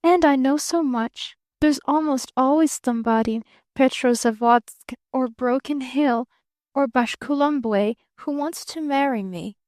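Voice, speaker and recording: A woman's voice: sits high, unhurried, darkish tone, no room sound, clean studio sound. A woman voicing a blunt, plaintive rich young girl in an audiobook reading. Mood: frank, sulky.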